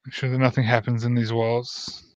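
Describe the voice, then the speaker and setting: A man voicing an older male vampire hunter who speaks in a measured, earnest way. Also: medium pitch, flat delivery, a little mellow, no echo, natural voice. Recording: muffled lo-fi mic.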